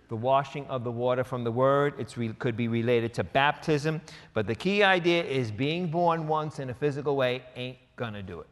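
Emphatic male pastor in a reverberant hall. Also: medium pitch. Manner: emphatic, conversational preaching with quoted asides. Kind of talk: sermon.

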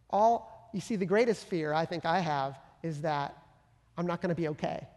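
Passionate pastor preaching, middle voice, gets loud then real quiet, big church echo. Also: mid-range voice, moderate pace. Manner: impassioned, swings between loud emphatic bursts and soft hushed lines. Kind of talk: sermon. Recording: long hall reverb.

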